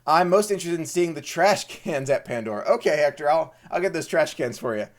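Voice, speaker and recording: An animated host from Maryland greets viewers on a live stream, chatting casually and eagerly while doubling up his words. He talks a little fast, and his voice is slightly high for a man.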